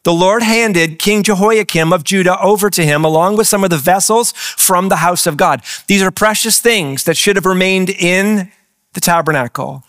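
A man's voice: high-pitched, moderate pace, a bit bright, no echo, clean studio sound. A man preaching a sermon as pastor, asking the congregation questions as he goes. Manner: engaging, asks the congregation questions. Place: church with several campuses.

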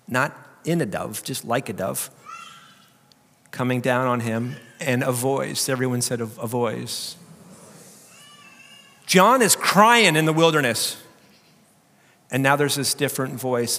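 Man preaching in a reverberant hall. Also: mid-range voice. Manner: dynamic, swings from loud preaching to quiet emphasis. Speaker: pastor. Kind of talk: sermon.

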